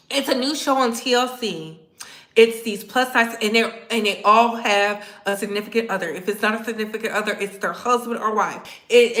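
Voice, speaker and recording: Woman, blunt sassy vlog host, bright forceful voice, echoey room. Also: a little high. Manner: blunt, sassy, profane, animated storytelling. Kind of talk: casual commentary vlog.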